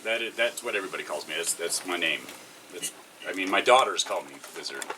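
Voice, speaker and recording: A man, a band's percussionist, talking casually as a guest, soft-spoken and trailing off. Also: low-pitched, lively intonation, fast. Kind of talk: casual chat. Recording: mic from a distance, faint noise.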